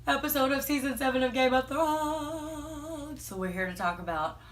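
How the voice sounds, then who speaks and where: A young woman hosting a casual chat, talking quickly and excitably. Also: sits high, distant mic. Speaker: host.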